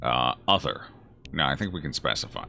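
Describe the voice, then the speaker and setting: A man's voice: a bass voice, animated, brisk, vocal fry, pushed and bright, soft background music. A man streaming a game, chatting casually and jokingly as he reacts aloud to his chat. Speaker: gaming streamer. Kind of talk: casual let's-play commentary answering chat.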